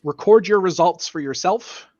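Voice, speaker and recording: A man narrating and running a tabletop murder mystery game as game master, explaining rules in a relaxed way. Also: high-pitched, moderate pace, dry recording, highs cut off. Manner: relaxed, explanatory, laughs often.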